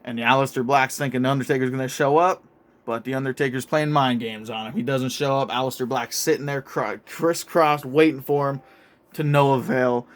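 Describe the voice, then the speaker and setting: A young man casually narrating a made-up wrestling storyline in an excitable, profane play-by-play manner. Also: medium pitch, a little fast. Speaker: show host narrating a toy wrestling storyline.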